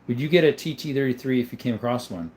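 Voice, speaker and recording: A man's voice: medium pitch, quick pace, darkish tone. A young adult man hosting a casual livestream, reading viewer comments aloud and answering them in a loose, conversational way. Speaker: livestream host.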